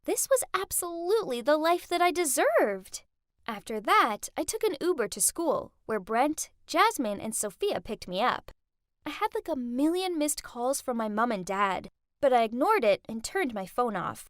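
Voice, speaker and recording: A woman narrating a first-person animated story in an expressive, dramatic manner. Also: sits high, normal speed, dry recording, clean studio sound.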